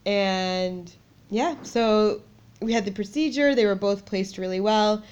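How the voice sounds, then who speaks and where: A woman co-hosts a podcast in a relaxed, chatty way. She tells a personal story with lively energy and laughs often. Her voice sits at a middle pitch for a woman. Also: measured pace, clear, resonant tone, highs cut off. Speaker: podcast co-host. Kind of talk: casual chat.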